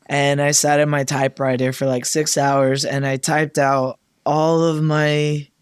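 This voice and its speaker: A man in a mid register hosts a podcast and tells a personal story in a loose, chatty way. He gets animated, laughs often and acts out the things he said back then. The sound is close and dry. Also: medium pitch, smooth, no room sound. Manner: animated, laughs often, acts out his own past lines. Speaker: podcast host. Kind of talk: casual storytelling chat.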